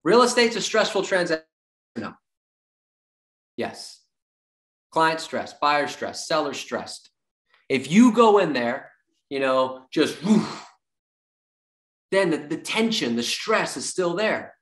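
A man giving an energetic sales training talk, repeating his key points like a coach and acting out little dialogues with clients. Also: fairly high pitch, slow pace, long pauses. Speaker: real estate sales trainer.

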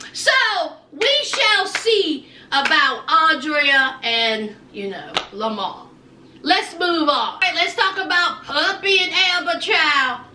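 A woman's voice: high voice, slow, roomy sound, far from the mic, a little hiss or hum. A woman, casually recapping a reality show, acting out people's lines and using folksy slang. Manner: animated, acts out people's lines in voices; folksy slang, "honey", "child". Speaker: recap vlogger.

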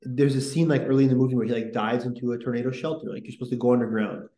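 A man's voice: medium pitch, little pitch movement, very fast, mellow. Rambling enthusiastic man in a roomy room. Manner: rambling, enthusiastic, full of fillers. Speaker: podcast host. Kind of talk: casual history podcast chat.

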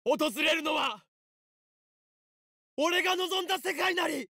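A man's voice: extremely high pitch, normal speed, no room sound, studio quality, heavily acted. An actor voicing a grandiose young male mad scientist in a visual novel, proclaiming his lines theatrically. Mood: triumphant. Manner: theatrical, proclaiming, shouted declarations.

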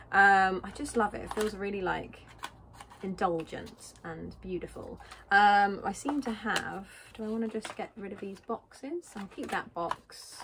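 A woman's voice: mid-range voice, a little hiss or hum. Chatty British woman vlogger. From Britain. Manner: chatty, rambling, thinks aloud. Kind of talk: casual chat while packing.

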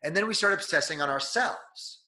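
A man speaks as an interview guest, coaching listeners on performing. His tone is bright and forceful, with a slightly nasal edge from being sick. He talks with lively energy and often acts out what others say. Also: fairly high pitch, normal speed. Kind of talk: conversational interview.

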